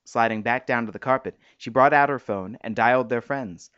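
Man, storybook narrator, steady reading, mid pitch, muffled lo-fi sound. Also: moderate pace, clear, resonant tone, dry recording.

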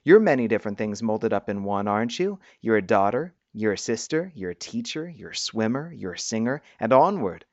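A man's voice: on the low side, big pitch swings, brisk, hardly any pauses, dry recording. Man doing charming pleasant young mosaic man, easygoing, storybook reading, dry dull sound.

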